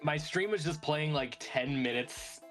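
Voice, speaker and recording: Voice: medium pitch, unhurried, loud music behind the voice. A guest joining a stream over a voice call, talking in a rambling, self-deprecating way. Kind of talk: casual chat over a voice call.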